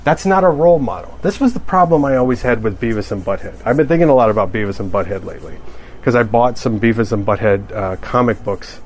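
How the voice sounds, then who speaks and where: A man's voice: mid-range voice, expressive, fast, a little hiss or hum. A man who is a cartoonist, talking in a casual podcast monologue, rambling and joking with many restarts.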